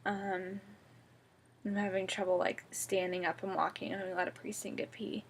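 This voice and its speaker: A young woman vlogging from bed in a casual video diary, groggy and drowsy, rambling in a soft, chatty, giggly way. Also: mid-range voice, level tone, moderate pace, slight background noise. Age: young adult. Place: at home, sitting up in bed.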